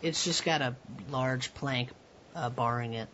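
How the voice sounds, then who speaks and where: A man narrating as game master for a tabletop game, quick and chatty. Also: medium pitch, a bit bright. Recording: dull lo-fi recording with faint hiss.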